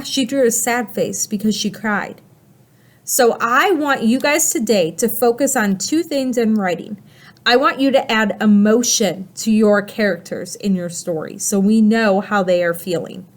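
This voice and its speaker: A slightly high-voiced woman teaching a recorded writing lesson to young children. She speaks slowly and in an animated, sing-song way, often asking questions of her class. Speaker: kindergarten teacher.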